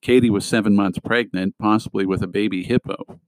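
A man's voice: on the low side, steady tone, fairly quick, no room sound, rough recording. A man reading a middle-grade novel aloud as scripted narration, giving small voice shifts to the characters' lines. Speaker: audiobook reader.

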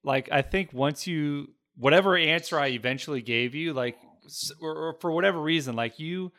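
A man's voice: a little high, moderate pace, fairly bright tone. A man who works as a physical therapist, chatting casually with friends and cutting in to push back. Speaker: physical therapist, podcast co-host. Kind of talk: casual chat.

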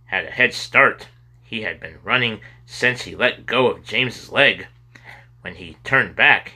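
A man reading a children's chapter book aloud with expressive delivery. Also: on the low side. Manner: expressive reading with sudden loud cries for characters. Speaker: storybook reader. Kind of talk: children's story read aloud.

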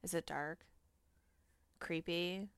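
Young adult female co-host, playful and teasing, lowish smooth voice, dry close mic. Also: steady tone, dry recording. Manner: quick laughs, playful teasing. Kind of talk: casual chat.

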